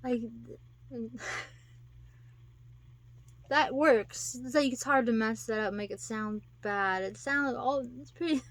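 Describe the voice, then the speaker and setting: A woman's voice: on the high side, slow pace, pauses often, a bit bright. A woman talking casually to her viewers, rambling and giggling, acting out quotes in put-on voices. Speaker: vlogger. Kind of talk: casual monologue to camera.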